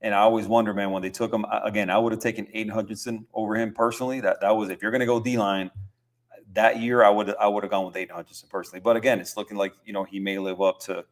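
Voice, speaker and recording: A young man hosting a podcast, talking football in a relaxed, rambling way with lots of fillers and easy laughs. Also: lowish voice, rapid-fire. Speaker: podcast host. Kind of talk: casual sports chat.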